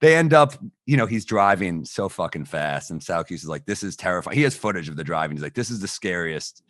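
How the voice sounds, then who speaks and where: A man co-hosting a podcast, telling a lively anecdote in casual chat and swearing freely. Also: deep voice, fast talker, no echo. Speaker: podcast co-host.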